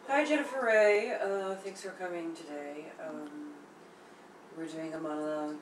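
A woman with a low voice running an audition, polite yet awkward and full of hesitations. She sounds distant in an echoing room with clear background noise. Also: fairly even intonation, normal speed. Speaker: casting director. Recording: roomy echo, far from the mic.

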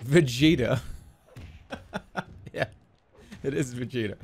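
A man streaming a game with excitable commentary, laughing and swearing often. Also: medium pitch, slow pace, soft background music. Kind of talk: casual gameplay commentary.

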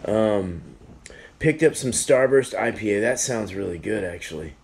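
A man's voice: lowish voice, expressive, moderate pace, vocal fry. A man chatting casually on a live stream, reviewing beers in a rambling, easily sidetracked way.

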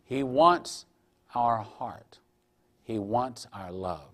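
A man preaching a sermon, earnestly retelling a vision, sometimes dropping to a hushed voice and sometimes rising to emphatic preaching. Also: fairly low pitch, extremely slow, pauses often. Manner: earnest, drops to a hushed voice for solemn moments; rises to emphatic preaching on scripture. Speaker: pastor.

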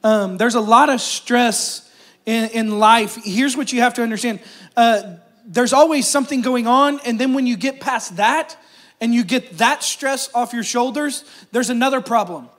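At a church service, a pastor with an extremely high-pitched voice preaches at normal speed. His sermon is conversational, full of call-outs to the crowd and jokes.

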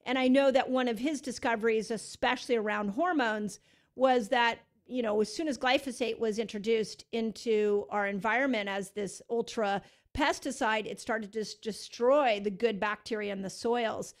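A middle-aged woman from the United States hosts a podcast chat. Her voice sits a little high and she talks earnestly, pressing her points and often restarting mid-sentence. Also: fairly even intonation, normal speed. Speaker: podcast host. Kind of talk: casual interview chat.

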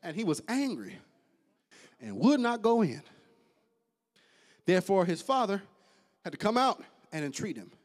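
A man preaching a sermon as pastor, swinging between loud high bursts and quiet, low asides. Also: sing-song, unhurried, long pauses.

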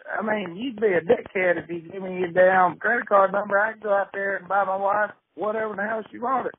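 A man's voice: sits high, steady tone, fairly quick, husky. Man putting on a blustering Mississippi caller. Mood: indignant. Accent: Southern US, Mississippi. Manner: blustering, cussing, rambling. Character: irate middle-aged Mississippi man, stubborn and rambling. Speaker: prank caller. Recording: tinny phone line with faint hiss.

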